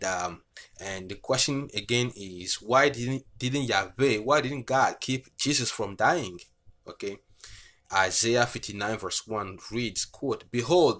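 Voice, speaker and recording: Male preacher, low voice, bible-study sermon, reads verses and checks in with "okay". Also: bright, forceful tone. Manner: reads scripture aloud, frequent fillers and "okay".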